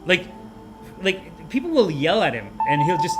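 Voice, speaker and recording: A man hosting a podcast, delivering a comic rant of a movie review in an animated, mocking way. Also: fairly high pitch, music in the background. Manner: animated, mocking, puts on quick character voices. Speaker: podcast host.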